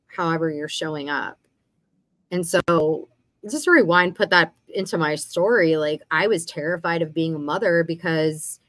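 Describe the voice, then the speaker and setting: A woman's voice: low voice, fairly bright tone, dry recording. A woman in her thirties co-hosting a casual podcast, telling stories and acting out past conversations. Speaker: podcast co-host. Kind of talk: casual chat.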